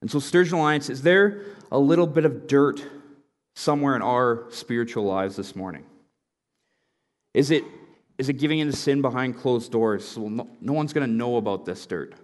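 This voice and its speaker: A man, a youth pastor, preaching a sermon in a conversational, storytelling way. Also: mid-range voice. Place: church sanctuary. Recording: reverberant church hall.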